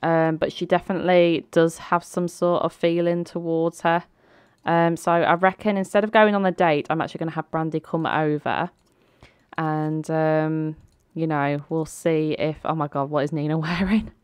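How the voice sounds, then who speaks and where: Let's-play host, chatty and giggly, low smooth voice, close dry mic. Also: female voice, flat delivery, moderate pace, no echo. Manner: chatty, laughing, lots of ums. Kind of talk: game commentary with voiced characters.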